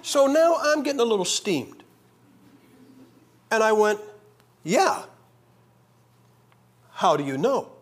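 Preacher guy telling his story, high voice, big swings, loud then hushed. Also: very animated, slow, pauses often, husky. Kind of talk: revival sermon testimony.

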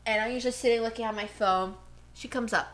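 A woman co-hosts a casual podcast from her home, ranting nonstop about her day. Her voice sits a bit high and bright. She talks in a loose, animated chat style. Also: fast talker. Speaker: podcast co-host. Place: home living room.

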